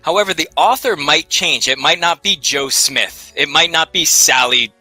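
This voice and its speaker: A man's voice: a little high, normal speed, bright, forceful tone, husky, no echo, faint music behind. A man co-hosting a live library research show, talking casually and animatedly, throwing rhetorical questions and jokes at the audience. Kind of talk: casual live instructional chat.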